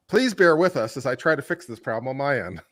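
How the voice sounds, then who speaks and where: A man's voice: medium pitch, a bit bright, no room sound. A man co-hosting a livestream, casual and wry while fixing the feed. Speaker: livestream co-host. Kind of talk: casual live commentary.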